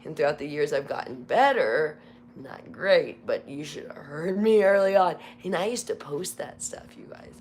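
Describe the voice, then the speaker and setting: A woman with a hoarse, very low voice chats openly on a live stream. She rambles in a candid, confessional way. A faint hiss sits under her talk. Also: animated, normal speed, darkish tone. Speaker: livestream host. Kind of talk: casual live chat. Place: Las Vegas home.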